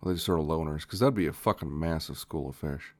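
A man co-hosting a podcast, telling quick offhand stories and swearing casually. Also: rumbling low. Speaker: podcast co-host. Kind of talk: casual comedic chat.

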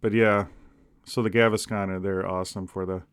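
A man co-hosting a podcast, cracking deadpan jokes in casual rambling chat. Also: low-pitched, normal speed, smooth. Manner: deadpan jokey, rambling with restarts. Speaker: podcast co-host.

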